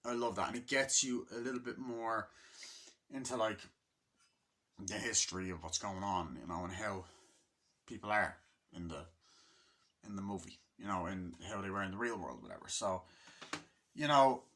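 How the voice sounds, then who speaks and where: Man, casual movie review, rambling and profane, lowish pitch, bright tense tone. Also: animated, moderate pace, pauses often. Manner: rambling, profane, loose and chatty.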